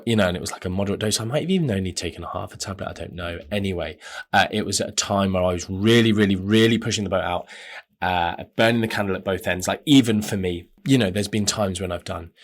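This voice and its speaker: A man hosting a podcast, talking in a rambling, self-correcting casual monologue. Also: deep voice. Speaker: podcast host.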